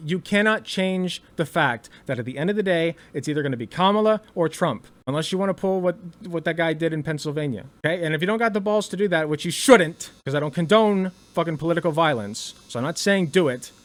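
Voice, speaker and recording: A man giving blunt, heated commentary, swearing freely and stumbling over restarts when worked up. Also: a little high. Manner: blunt, profane and emphatic. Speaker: political commentator.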